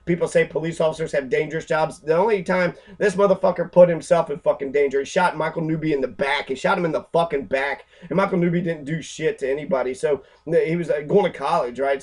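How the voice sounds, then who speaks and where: A man's voice: a little high, a little mellow. A man talking in an angry, profane, rambling way, full of fillers and restarts, while pointing out pictures. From Louisville, Kentucky. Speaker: activist lecturer.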